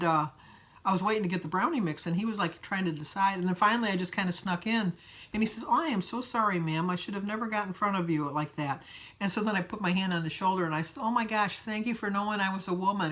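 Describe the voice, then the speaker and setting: A woman's voice: mid-range voice, fairly bright tone. A middle-aged woman from the United States chatting casually in a rambling, storytelling way with frequent fillers. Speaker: vlogger. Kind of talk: casual chat.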